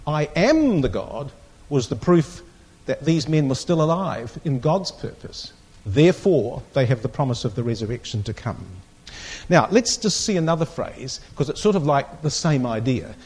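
A man's voice: on the high side, darkish tone, slightly rough. A man teaching a Bible class, reading scripture aloud with strong emphasis and putting questions to the group.

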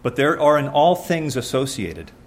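A man's voice: mid-range voice, sing-song, moderate pace. A man preaching a sermon, reading scripture aloud and asking his listeners questions in an earnest, conversational way.

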